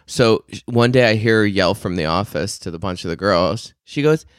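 A man telling a story in casual podcast chat, laughing often and swearing freely, sometimes mimicking shrill yelling. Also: normal speed, smooth, no room sound, studio quality. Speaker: podcast co-host.

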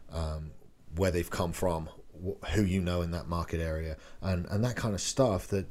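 Deep-voiced man teaching sales, casual. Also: darkish tone. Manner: conversational, loose, role-plays phone lines. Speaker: real estate agent teaching sales calls. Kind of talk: casual instructional talk.

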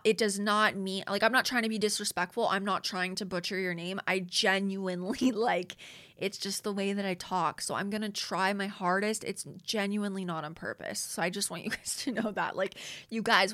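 Bright chatty Valley Girl woman. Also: medium pitch. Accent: Valley Girl Los Angeles. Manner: chatty, frequent "like" and "you guys", laughs often, swears casually. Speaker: podcast host. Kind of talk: casual solo podcast chat.

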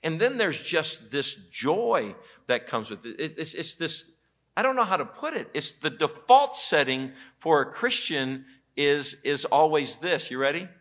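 A man's voice: a little high, unhurried. A man preaching a sermon as pastor in a church auditorium, telling stories with quoted voices. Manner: animated storytelling with quoted voices.

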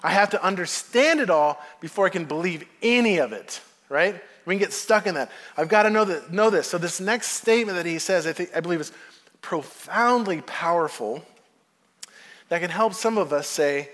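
A male pastor preaching in a relaxed, conversational way that turns animated as he retells stories. His voice sits fairly high for a man. A long reverb from a large hall trails his words. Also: moderate pace. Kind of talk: sermon.

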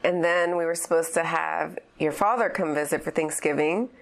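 A woman's voice: sits low, moderate pace, vocal fry. A woman co-hosting a casual podcast from her couch, with a nasal voice from being sick, laughing often as she talks. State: recovering from illness, prone to coughing. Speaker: podcast co-host. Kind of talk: casual chat. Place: living room by the fireplace, on a couch.

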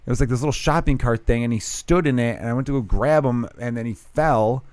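A young man hosting a casual podcast chat, excitable, laughing and swearing often. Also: medium pitch, quick pace, no echo.

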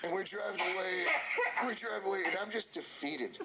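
A man telling a funny story casually, animated and laughing as he goes, swearing freely. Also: high voice, brisk, vocal fry, very noisy. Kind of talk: casual anecdote.

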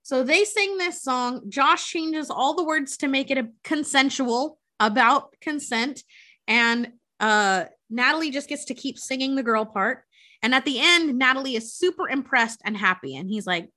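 Woman, casual podcast chat, bright tone, chatty, swearing, acting out quotes. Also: high-pitched, measured pace. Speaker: podcast co-host recapping a film.

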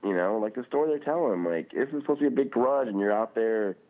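A low-voiced man co-hosting a casual podcast, sounding squeezed and tinny as if over a phone line. He rants with heat, drops curses freely and leans on "like" between thoughts. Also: quick pace. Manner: animated, swearing, frequent "like" fillers. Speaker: podcast co-host. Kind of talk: casual chat.

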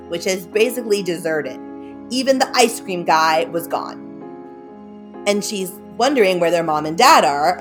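A woman retelling a spooky story in a loose, chatty way, peppered with "like" and "kinda". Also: fairly low pitch.

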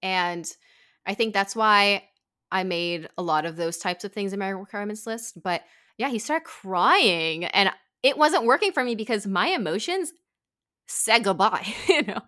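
A young woman host in casual chat, telling a story and acting out quotes with big jumps in her voice. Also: a little slow. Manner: animated, acts out quotes with big pitch jumps.

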